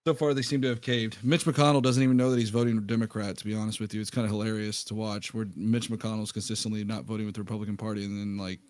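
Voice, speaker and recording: A man's voice: lowish voice, flat delivery, fast talker, hardly any pauses, a little mellow, dry recording. A man hosting a casual political chat, rambling with fillers and chuckling asides. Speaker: stream host.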